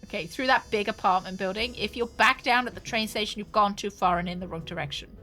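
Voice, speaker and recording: A woman's voice: medium pitch, fast, bright, forceful tone, faint music behind. A young adult woman streaming a game, chatting casually and giggling as she reacts and reads along. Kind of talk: casual gameplay commentary, reading game dialogue aloud.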